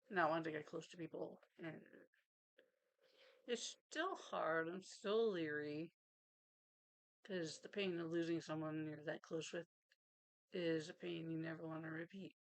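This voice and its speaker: Lady crafter chatting at her desk, lowish voice, rambly and laughs a lot. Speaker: vlogger. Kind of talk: casual chat.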